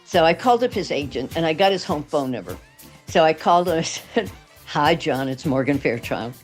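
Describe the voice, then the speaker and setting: An older woman from Texas, an actress telling lively anecdotes in an interview and acting out the people she quotes. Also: deep voice, brisk, faint music behind. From Texas, USA. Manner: animated anecdotes with quoted voices. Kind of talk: interview storytelling.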